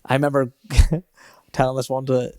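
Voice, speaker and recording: A man talks into a dry close podcast mic at an ordinary middle pitch. He tells stories in a loose, chatty way and often laughs while talking. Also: little pitch movement, moderate pace, warm tone, clear, resonant tone, no room sound. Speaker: podcast co-host. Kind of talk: casual chat.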